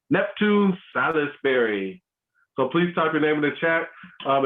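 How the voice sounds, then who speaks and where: A man hosting an online family workshop for a school, talking casually with many ums and restarts. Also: fairly high pitch. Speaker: host of a school family learning session. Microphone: video call. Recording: tinny phone-like video call audio.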